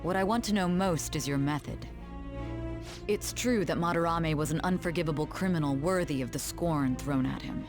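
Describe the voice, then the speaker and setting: A woman's voice: low voice, normal speed. An actress voicing a stern female interrogator in a video game, coolly probing with clipped questions. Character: stern adult female interrogator, cold and suspicious. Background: game music.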